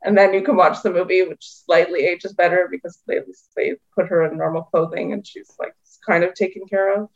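Lower-voiced wry woman, lo-fi sound. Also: fairly even intonation, fairly quick, vocal fry, few pauses. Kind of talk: casual chat about films. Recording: dull lo-fi sound.

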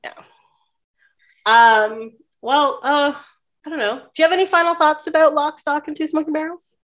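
A woman's voice: sits high, steady tone, normal speed, fairly bright tone. A woman in casual podcast chat about films, bubbly and giggly, with many "like" fillers.

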